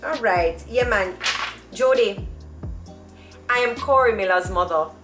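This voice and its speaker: A woman voicing a motherly, doting middle-aged nurse with a Jamaican accent, in a high, sing-song, fussing voice. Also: measured pace, over music, lightly acted.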